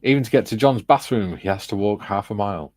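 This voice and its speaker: A man's voice: fairly low pitch, fast talker, a little mellow, no echo. A man hosting a casual livestream, reading viewers' chat messages aloud and chatting with his panel. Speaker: livestream host.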